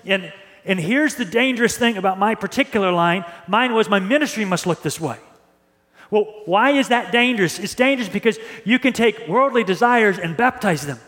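A male pastor preaching a sermon in an earnest way, often repeating and restarting words and reading scripture slowly. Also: high-pitched, a bit bright. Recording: reverberant hall.

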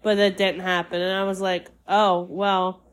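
A woman's voice: mid-range voice, little pitch movement, a little hiss or hum. A young woman hosting her own podcast, chatting casually and rambling with fillers, sounding a little congested. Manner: slow, rambling, with many fillers and laughs. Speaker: podcast host. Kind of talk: casual solo podcast chat.

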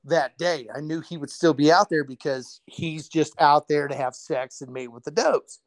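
A man's voice: fairly high pitch, normal speed, no echo. A man in casual podcast chat, laid-back and profane, telling hunting and cooking stories. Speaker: podcast co-host.

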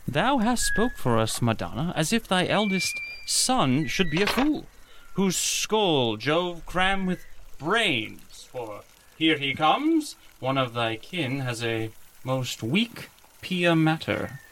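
Man doing a sly jester, slow and bright, voice bouncing around. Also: a little high, sing-song, a little hiss or hum, exaggerated voice. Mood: wry. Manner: playful, wry, drawn-out. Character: witty sly male court jester. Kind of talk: Elizabethan stage acting.

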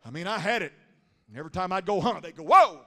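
A bright, high-pitched male preacher delivers a Pentecostal sermon with a rhythmic cadence, punctuating lines with a breathy "huh." His voice rings out with a long reverb from a large church hall. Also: lively intonation, racing. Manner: rhythmic preaching, swells from storytelling murmur to shouting and chanting. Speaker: pastor.

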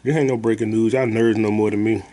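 A man's voice: lowish voice, fairly even intonation, fast, warm tone, a little hiss or hum. A man hosting a podcast, rambling through stories and movie talk in a loose, profane, slangy way. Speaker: podcast host. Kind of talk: casual podcast chat.

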